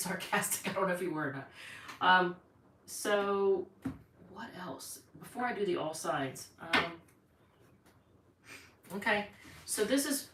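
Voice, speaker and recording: A woman's voice: mid-range voice, fairly bright tone, distant mic. A woman giving a rambling, chatty tarot reading on a live stream from home, thinking aloud as she goes. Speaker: tarot reader. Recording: echoey room, voice off-mic, faint noise.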